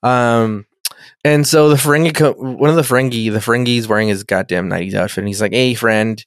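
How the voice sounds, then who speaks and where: A man co-hosting a casual chat, retelling a show scene by scene with lots of swearing and quick voices for the characters. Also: medium pitch, no room sound, clean studio sound. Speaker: podcast co-host recapping an episode.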